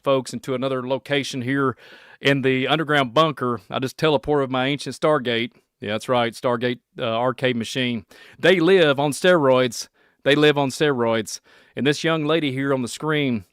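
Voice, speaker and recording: A man from Kentucky with a Southern accent, hosting a rambling solo podcast, excitable and laughing often as he jumps between topics. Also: mid-range voice, brisk, clean tone, no echo, clean studio sound. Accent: Kentucky Southern American. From Kentucky, USA. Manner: excitable, laughing, puts on silly voices. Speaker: podcast host.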